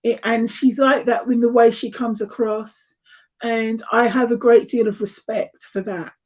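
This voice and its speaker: A woman's voice: on the high side, fairly even intonation, a little slow, muffled recording. A British woman with an accent sliding between standard and London speech, chatting casually on a live stream, hesitant and full of fillers. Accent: English, between standard British and London. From England. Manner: hesitant, many fillers and restarts. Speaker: tarot reader and live stream co-host.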